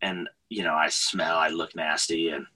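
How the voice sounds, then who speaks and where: Husky-voiced man telling a story. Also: extremely low pitch, normal speed, poor audio. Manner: animated, chatty, laughs often. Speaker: guest. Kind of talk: casual storytelling in conversation.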